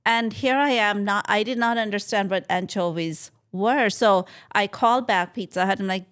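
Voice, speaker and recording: Animated middle-aged woman telling a story. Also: mid-range voice, moderate pace, few pauses, smooth. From Punjab, India. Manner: animated storyteller acting out dialogue. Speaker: podcast co-host. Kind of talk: storytelling in casual chat.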